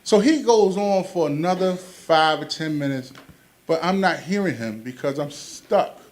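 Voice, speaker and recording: A man's voice: on the high side, expressive, a little slow, darkish tone. A man doing a stand-up comedy set, telling stories animatedly and acting out quoted voices.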